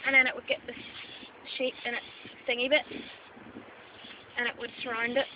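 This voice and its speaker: A woman's voice: fairly high pitch, flat delivery, normal speed. A Northern Irish woman playing a mock expert, rambling playfully and tagging "right?" onto her points. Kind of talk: improvised mock documentary. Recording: dull lo-fi camera audio with loud background noise.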